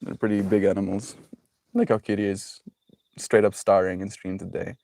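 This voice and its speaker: A man's voice: on the low side, level tone, normal speed, creaky, dark tone, no room sound, clean studio sound. A young man chatting casually on a live stream, reading chat messages aloud and laughing often in a joking way.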